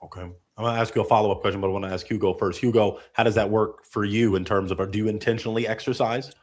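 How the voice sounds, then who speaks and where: A man's voice: on the low side, steady tone, very fast. A man hosting a live online dating show, playful and full of hype-man praise for the guests. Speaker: host.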